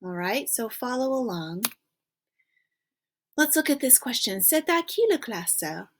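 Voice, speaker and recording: A woman's voice: a little high, big pitch swings, a little slow, a little hiss or hum. Patient woman teaching a lesson. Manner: patient, prompts students to guess, many okays. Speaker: French teacher. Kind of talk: recorded classroom lesson.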